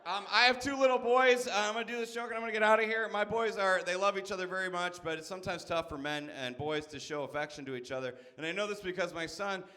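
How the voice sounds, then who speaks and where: A man in his thirties performs stand-up in a high, bright voice. He rants in an exasperated way, swears freely and punches each beat with a quick "okay?". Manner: exasperated, profane ranting with punchy asides; frequent "okay?" and "all right?" tags. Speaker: stand-up comedian. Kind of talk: stand-up comedy set.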